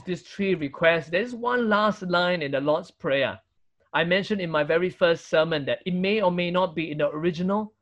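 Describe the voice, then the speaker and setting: High-voiced Singaporean pastor preaching emphatically. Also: male voice, a bit bright, dull audio. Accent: Singaporean English. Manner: emphatic preaching, rhetorical questions with tag "right?". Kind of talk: sermon.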